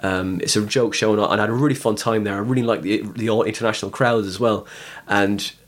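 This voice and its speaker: Chatty comedian, rambling stories. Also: male voice, fairly low pitch, quick pace. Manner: rambling, many restarts, animated storytelling. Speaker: comedian guest. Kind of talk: casual podcast chat.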